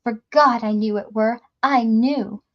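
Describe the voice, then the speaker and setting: A woman voicing an excitable old farmer man who talks with a cracked, wavering voice and thick rural speech. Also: on the high side, normal speed, muffled recording. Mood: excited.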